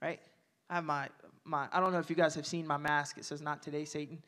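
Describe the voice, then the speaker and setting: A young man giving a casual, energetic sermon as a youth pastor, joking aside and repeating phrases. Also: a little high, quick pace.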